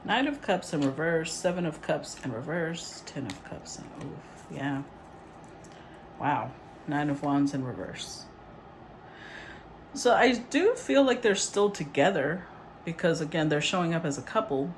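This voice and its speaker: A woman giving a casual, rambling tarot reading, chatty and quick to laugh. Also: low-pitched, animated, a little hiss or hum. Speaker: tarot reader.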